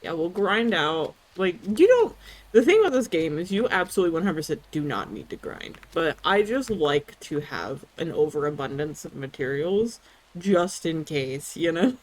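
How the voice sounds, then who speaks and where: A woman's voice: sits low, sing-song, normal speed. A woman streaming a cozy video game, chatting casually, thinking aloud and giggling often. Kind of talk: casual gameplay commentary.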